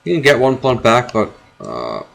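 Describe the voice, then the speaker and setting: A man talks through his own chess game live, thinking aloud in a mid-pitched voice. He circles back on phrases and uses plenty of fillers as he weighs his moves. A faint hiss sits under the recording. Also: huge pitch swings, normal speed, creaky. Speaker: chess streamer.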